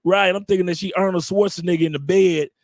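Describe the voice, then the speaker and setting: A man's voice: sits high, fairly even intonation, quick pace, darkish tone, dry recording, clean studio sound. A man with an American accent hosting a live stream, telling a loose, bawdy, joking story to his audience and acting out quotes along the way. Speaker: host.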